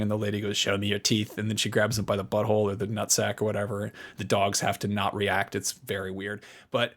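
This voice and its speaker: A man's voice: on the low side, fairly bright tone. Man, 30s, co-host; rambling, profane storyteller; casual chat. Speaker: podcast co-host.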